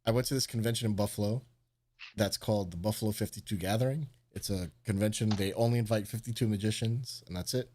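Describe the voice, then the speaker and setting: Low-ish and quick, with a slight hiss or hum, a man's voice carries a casual story on his live stream. He swears a lot, stays animated, and acts out quotes in a raised voice.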